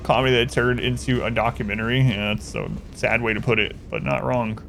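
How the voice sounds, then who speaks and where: A man's voice: medium pitch, little pitch movement, fairly quick, gravelly, a bit bright, faint music behind. A man chatting casually on a game stream, rambling through a story and answering chat.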